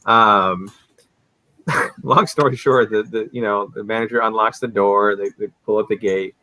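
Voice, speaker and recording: A man's voice: on the low side, a little slow, dry recording, poor audio. A man guesting on a livestream, telling a story in casual chat and acting out the people in it. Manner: animated storyteller who acts out the people in his stories. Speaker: livestream guest, collectibles seller.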